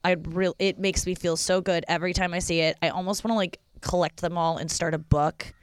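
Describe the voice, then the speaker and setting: A woman's voice: on the low side, fairly even intonation, brisk, clear, resonant tone, dry recording. A young woman hosting a casual solo podcast from her porch at home, chatty and rambling, swearing freely. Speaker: podcast host.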